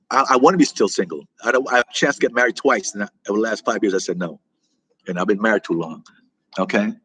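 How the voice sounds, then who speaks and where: Medium in pitch with a fairly bright, breathy tone, this middle-aged man from the US is heard in a dry, low-quality recording. He runs a loose livestream chat, rambling and repeating himself while replying to incoming viewer comments.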